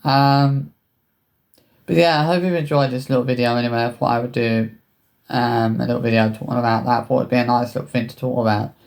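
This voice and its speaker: A man speaks to camera about his own life. His voice sits at an ordinary middle pitch, and his sentences stall and restart as he searches for words. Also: steady tone, vocal fry. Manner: halting, hesitant, many restarts. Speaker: vlogger. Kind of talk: personal storytelling to camera.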